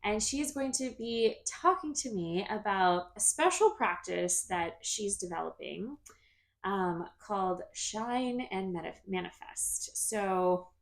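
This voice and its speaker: Gravelly-voiced woman hosting a podcast. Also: medium pitch, expressive, takes it slowly. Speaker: podcast host, yoga instructor. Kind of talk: podcast interview.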